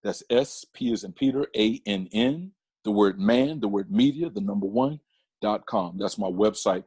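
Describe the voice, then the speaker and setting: A man talking as a podcast guest in a casual interview, an animated storyteller who often restarts his sentences. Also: lowish voice, normal speed, husky, dry recording. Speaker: podcast guest, comedian and photographer.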